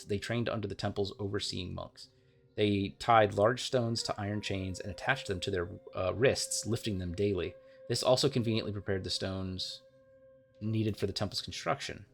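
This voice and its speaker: A man's voice: lowish voice, fairly bright tone. A man playing a video game, reading its lore aloud with casual asides and frequent stumbles and self-corrections. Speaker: let's play gamer.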